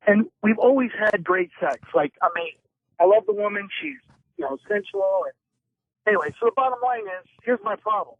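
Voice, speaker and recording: A man's voice: sits high, lively intonation, brisk, husky, dry recording. A man calling in to a show, earnestly rambling through a personal story on a tinny phone line. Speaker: caller.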